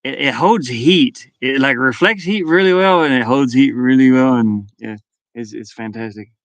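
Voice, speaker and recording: A man's voice: mid-range voice, moderate pace, fairly bright tone, no room sound. Laughing, rambling man chatting in a van. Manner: rambling, laughs often, restarts words. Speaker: streamer chatting with viewers. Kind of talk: casual live-stream chat. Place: inside a van.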